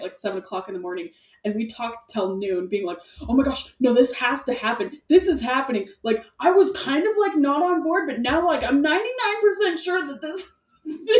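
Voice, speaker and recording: A woman chatting casually as a podcast co-host, rambling and excitable, laughing often and stacking fillers. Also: medium pitch. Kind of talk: casual chat. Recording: echoey room, distant mic.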